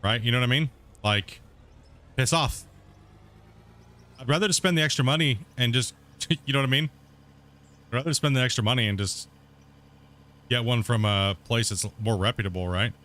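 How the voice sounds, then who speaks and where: A man's voice: mid-range voice, normal speed, long pauses, pushed and bright. A man streaming a game, ranting to his viewers in casual chat and swearing a lot. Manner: heated ranting, swears often. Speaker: gaming streamer.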